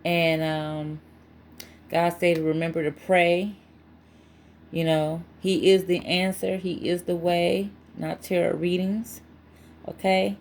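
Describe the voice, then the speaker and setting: A woman's voice: lowish voice, level tone, takes it slowly, a little hiss or hum. A woman giving a casual spiritual tarot reading to her channel, chatty and emphatic, with frequent asides. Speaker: tarot reader.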